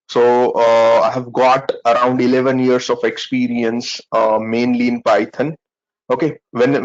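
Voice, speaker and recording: Hesitant Indian programming trainer. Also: male voice, mid-range voice. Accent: Indian English. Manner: hesitant, many fillers and repeats. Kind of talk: class introduction. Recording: dull lo-fi webinar audio.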